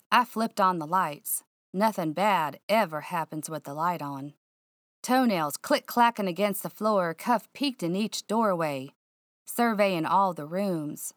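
A woman narrating a first-person mystery audiobook in a hushed, suspenseful, drawling way. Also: on the low side, expressive, unhurried, no room sound, studio quality.

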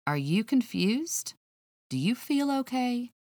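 A woman voicing a calm, teasing male police officer who speaks in a measured drawl. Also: a little high, dry recording, studio quality, pitched above the performer's own voice.

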